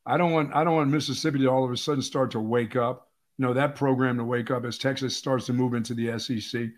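A man from Pennsylvania co-hosting a sports radio show, telling stories in an animated, emphatic way with lots of repeated phrases. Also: mid-range voice, quick pace. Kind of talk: casual sports talk.

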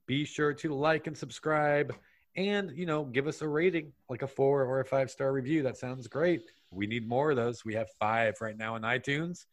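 A man's voice: mid-range voice, fairly bright tone. Breezy male podcast host. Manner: breezy, rattling off plugs. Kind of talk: casual podcast outro.

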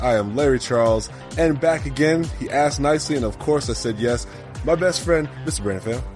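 A man's voice: medium pitch, a little fast, darkish tone. A male podcast host with a mid-range voice and a playful, showman's delivery. He jokes easily, with a faint music bed underneath. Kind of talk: casual podcast chat.

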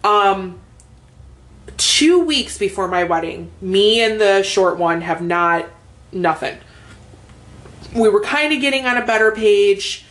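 A woman's voice: medium pitch, expressive, takes it slowly, pauses often, a bit bright. A young woman co-hosting a podcast, telling a personal story in casual chat, blunt, with frequent swearing and filler words. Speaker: podcast co-host.

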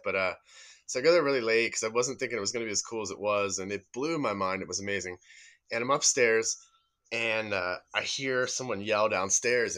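A man with a low, bright and forceful voice tells a story as a podcast guest. He is animated and swears freely, and he acts out the people in the story as he goes. His delivery is loose and casual. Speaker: podcast guest, urban explorer.

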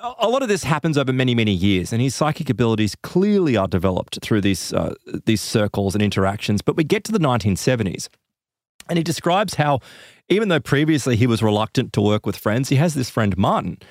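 A man hosts a casual podcast chat, retelling a story in an animated way and dotting it with fillers and asides. His voice sits at an ordinary middle pitch. The recording is close and completely dry, with no room sound. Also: fast talker, no echo.

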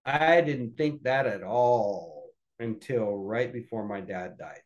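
A middle-aged man who is a podcast guest, telling family anecdotes casually and lively, acting out other people's voices along the way. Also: lowish voice, slow, dull audio. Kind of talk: casual storytelling.

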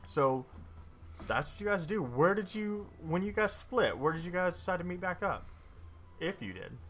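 A man's voice: sits high, big pitch swings, moderate pace, a bit bright, a little hiss or hum. A man with a slight lisp running a tabletop game as game master on a podcast, rambling and correcting himself.

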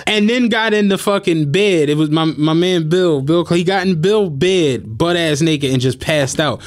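A man's voice: on the high side, normal speed. A young man, a podcast co-host, telling stories in a loose casual chat, acting out what people said and laughing often. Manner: animated, acts out quotes, laughs often.

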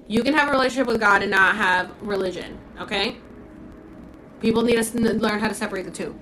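A woman's voice: medium pitch, quick pace, a bit bright, slight background noise, low-quality recording. A young woman hosting a live stream from her phone at home, talking firmly and lecturing, repeating her points. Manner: firm, lecturing, repeats herself. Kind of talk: casual live-stream chat.

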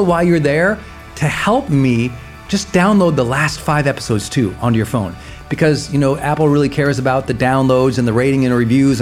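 A man hosting a podcast, thanking listeners and earnestly asking them to join his program. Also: mid-range voice. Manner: earnest, warm thanks, direct appeal to listeners. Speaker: podcast host. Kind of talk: podcast outro and promo. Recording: soft music behind.

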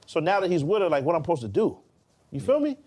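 A young man in casual podcast chat, slangy and animated, laughing often. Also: sits high, fast, husky.

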